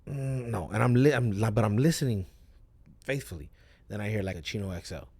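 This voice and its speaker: A man rapper as a guest, talking in a loose, profane, rambling way while high, often cutting himself off. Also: a little fast, a little mellow. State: high, with cotton mouth. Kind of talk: casual live-stream chat.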